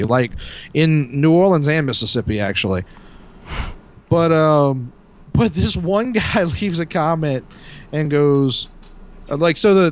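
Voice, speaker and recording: A man, co-hosting a casual podcast and telling a story in a rambling, self-interrupting way. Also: fairly high pitch. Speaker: podcast co-host.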